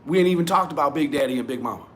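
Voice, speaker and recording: A man with a high, light voice and a twang rants straight at his viewers, swearing freely. He talks in an animated, worked-up way, jumping between asides and jabs. His delivery is loose, blunt and full of attitude. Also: rapid-fire. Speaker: commentary vlogger. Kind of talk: profane ranting commentary.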